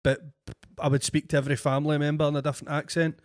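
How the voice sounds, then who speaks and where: A Scottish man hosting a podcast, chatting casually with quick affirmations. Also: fairly high pitch, level tone, dry recording, studio quality. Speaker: podcast host. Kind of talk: casual chat.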